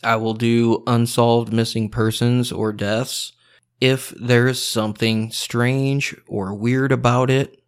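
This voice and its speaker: A man's voice: medium pitch, flat delivery, slow pace, clear, resonant tone. A man hosting a podcast, talking bluntly in a heated, profane, unscripted rant. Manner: heated, blunt and swearing constantly. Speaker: podcast host.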